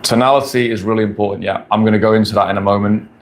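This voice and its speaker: A man's voice: on the low side, steady tone, rapid-fire, a little hiss or hum. A man in his forties answering questions on a casual live stream, talking bluntly and crudely, often repeating his points. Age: 40s. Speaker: dating coach streamer. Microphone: phone or camera on a stand.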